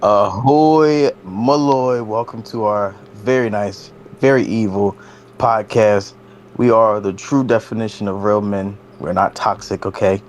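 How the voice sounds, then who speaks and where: A man's voice: fairly low pitch, level tone, moderate pace, a little hiss or hum. A man hosting a casual, comedic wrestling podcast, hyping up his co-hosts with jokes. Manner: joking, hype-man introductions. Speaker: podcast host.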